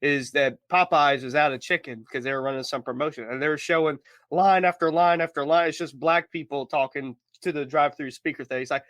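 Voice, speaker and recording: A man's voice: fairly high pitch, brisk, hardly any pauses, fairly bright tone, no echo. A man on a casual podcast, telling stories in a chatty way. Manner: chatty storytelling with laughs. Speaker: podcast host.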